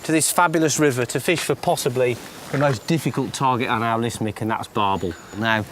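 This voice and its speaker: A man's voice: mid-range voice, brisk, a bit bright, a little hiss or hum. A man presenting a fishing show outdoors, matey and encouraging. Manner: matey, encouraging, calls everyone mate. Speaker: angler presenter. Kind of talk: casual chat and presenting to camera. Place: outdoors by water.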